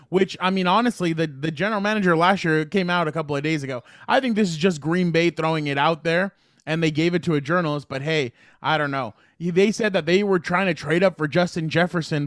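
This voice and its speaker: A man's voice: a little high, no echo, clean studio sound. A man co-hosting a sports talk show in a casual, rambling way, stumbling over restarts and retelling anecdotes with quoted dialogue.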